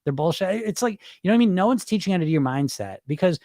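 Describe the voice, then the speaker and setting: A middle-aged man hosting a weight loss podcast, talking in a blunt, profane, animated way. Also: high voice, racing, dry recording, clean studio sound. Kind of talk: casual podcast talk.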